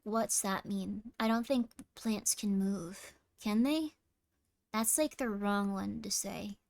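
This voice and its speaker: A woman's voice: mid-range voice, slow pace, vocal fry, darkish tone, dry recording, clean studio sound. A woman streamer in playful, casual chat with her viewers, teasing and reading messages.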